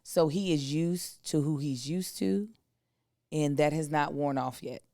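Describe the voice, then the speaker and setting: A woman in her thirties, co-hosting a podcast, telling a family story in a casual, animated way and acting out the other people's voices. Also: low-pitched, unhurried, creaky, no room sound, clean studio sound. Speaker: podcast co-host.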